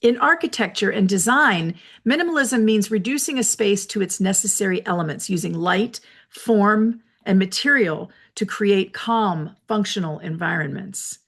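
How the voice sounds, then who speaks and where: A woman hosting a reflective solo talk from her office, explaining ideas in a measured, lecturing way with personal asides. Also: mid-range voice, slightly rough. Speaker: host.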